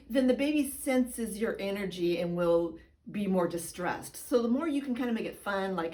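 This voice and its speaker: Chatty midwife teaching on camera. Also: female voice, lively intonation, normal speed, darkish tone, distant mic, poor audio. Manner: chatty, playful, breaks into high sing-song baby talk. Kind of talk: instructional demonstration. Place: indoor room. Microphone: camera mic.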